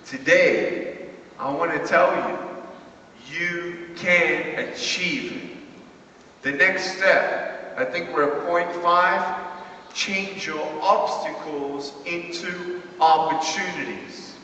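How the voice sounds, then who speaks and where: A man's voice: fairly high pitch, takes it slowly, bright, forceful tone, slight background noise. A man giving a motivational talk to a large young audience, telling his story with animation and acting out every part. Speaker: motivational speaker. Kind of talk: motivational talk with acted-out stories. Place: large event hall before a young audience. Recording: echoey hall, distant mic, dull sound.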